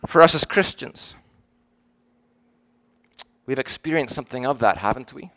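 A man preaching a sermon, earnest and emphatic, slowing down to stress the verses he quotes. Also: mid-range voice, lively intonation, sharp tone.

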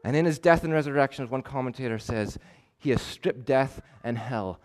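A male preacher delivering a sermon, emphatic and measured, repeating key phrases for weight. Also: medium pitch. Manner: measured, stretches words for stress.

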